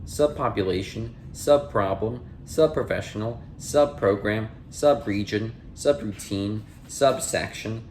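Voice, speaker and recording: A man hosting a podcast, reading dictionary entries aloud in a steady cadence, word, part of speech and definition, with chatty asides to listeners. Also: fairly low pitch, a little hiss or hum. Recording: roomy echo.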